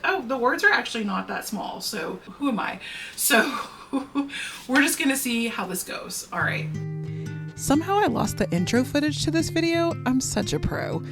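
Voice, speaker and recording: A woman chatting casually to the camera at home, animated and playfully dramatic, talking to her viewers. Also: fairly high pitch, moderate pace, faint music behind. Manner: animated, self-mocking and dramatic. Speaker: book vlogger. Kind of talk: casual vlog chat. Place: at home, indoors. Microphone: camera mic.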